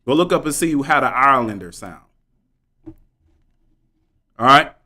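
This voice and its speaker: A man in mid-range pitch holds forth to his live viewers, fervent and preachy. He talks in slang and hammers his points by repeating them. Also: animated, fairly quick, bright, forceful tone. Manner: slangy, repetitive emphasis. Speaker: livestreamer. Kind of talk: live stream commentary.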